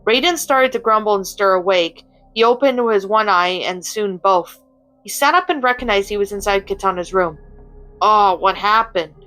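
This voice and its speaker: A woman reading a fan story aloud in plain, steady narration. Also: mid-range voice, moderate pace, soft background music, rough recording. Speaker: story reader.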